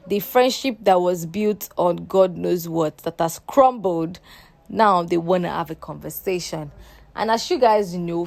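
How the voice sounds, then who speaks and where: A woman's voice: medium pitch, darkish tone. A young woman with a sassy, chatty manner, recapping a reality show for her viewers. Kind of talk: casual recap commentary.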